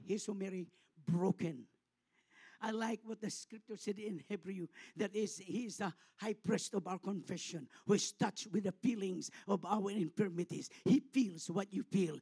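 A middle-aged Filipino man preaches with passion, rising to loud, fervent peaks and sinking to hushed tenderness. His voice sits high and carries a gravelly edge. It sounds close and dry, with no room around it. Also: dry recording. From Philippines. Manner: impassioned preaching, swelling loud then dropping soft. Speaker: pastor. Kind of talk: sermon.

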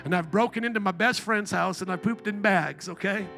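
A middle-aged man from Indiana preaching a sermon as pastor, telling jokey stories in an animated, playful way. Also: high-pitched, fairly quick, creaky, soft background music. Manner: animated, joking storyteller. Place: church.

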